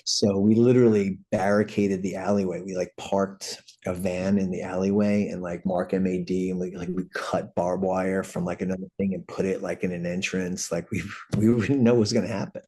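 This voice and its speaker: A man's voice: sits low, fairly even intonation, a little fast, few pauses, dark tone, slightly rough. Rambling, profane middle-aged man. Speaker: guest, punk band vocalist. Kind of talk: casual storytelling.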